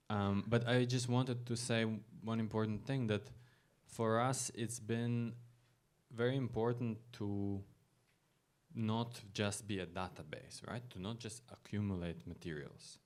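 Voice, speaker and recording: A man's voice: fairly low pitch, steady tone, a little slow, darkish tone. A man leading a panel discussion in a gallery, speaking hesitantly and repeating words as he links the talks. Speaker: project lead and panel host. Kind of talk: panel moderation. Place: gallery event hall.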